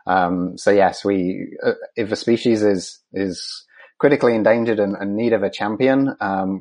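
Deep-voiced man with halting, filler-heavy delivery. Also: darkish tone. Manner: measured, many fillers and restarts. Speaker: conservation scientist guest. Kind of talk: interview answers.

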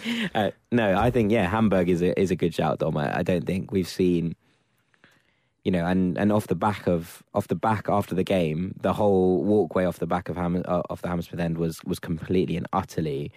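A man on a football podcast panel, telling animated stories and acting out what people said. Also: sits low, a little fast, dry recording, clean studio sound. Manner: animated storyteller, laughing, acts out quotes. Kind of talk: casual football podcast chat.

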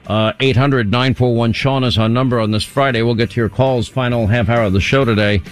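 A man's voice: mid-range voice, steady tone, brisk, clear, resonant tone, soft background music. A man hosting a talk radio show, commenting in a casual, wry way and often restarting his sentences.

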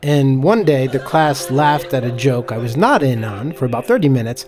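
A man's voice: mid-range voice, expressive, normal speed, over music. A man who is a teacher, telling a personal story in a theatrical, vivid way.

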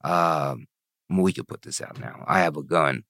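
A man's voice: very deep voice, a little slow, fairly bright tone, no echo, clean studio sound. A man telling his own story in an interview, blunt and profane, often asking "you know what I mean". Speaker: interview guest.

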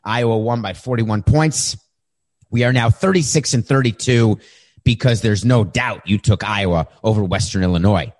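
A man hosting a talk show monologue, wry and emphatic, moving between quick asides and slow, deliberate points. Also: lowish voice, darkish tone. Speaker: show host. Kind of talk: monologue commentary. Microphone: camera setup.

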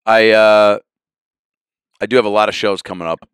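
A man, a comedian hosting his podcast solo, riffing loosely and crudely and breaking into sudden yelled bits. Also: on the low side, fairly even intonation, moderate pace, smooth, no room sound.

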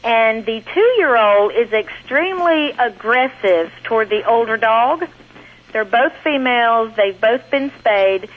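A woman caller with a Southern US accent, chatty and quick to laugh. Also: on the high side, lively intonation. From Georgia, US. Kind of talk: phone-in call. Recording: muffled phone line.

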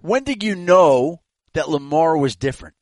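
Male interviewer, high voice, dry sound, playful coaxing questions. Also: animated, normal speed, a little mellow, no room sound. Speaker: interviewer, reporter.

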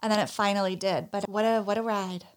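A middle-aged woman co-hosting a podcast, telling stories in a casual, animated way and laughing often. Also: mid-range voice, fast talker. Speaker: podcast co-host. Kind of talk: casual chat.

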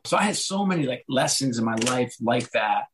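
Brief: hoarse guest man, mid-pitched, casual and animated storyteller, voices his quotes. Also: fairly quick, slight background noise, low-quality recording. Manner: animated, acts out quotes with pitch jumps, laughs. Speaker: guest author.

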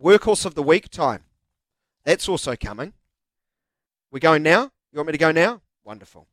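A New man hosts a radio show with playful, teasing banter. His voice sits a little higher than most men's, and the sound is dry and close in the studio. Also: sing-song, normal speed, fairly bright tone, no room sound. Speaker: radio host.

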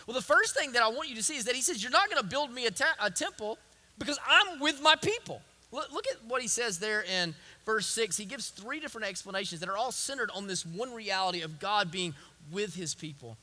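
A man with a strikingly high voice delivers a sermon as a pastor. His tone is sharp and piercing, and he drives each point home with emphatic repetition. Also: lively intonation, a little fast.

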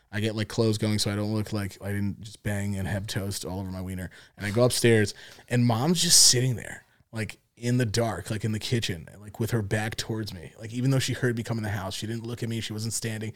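A man's voice: fairly low pitch, brisk. A young man co-hosting a podcast, telling a story in casual chat, acting out the quotes and laughing often. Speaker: podcast co-host.

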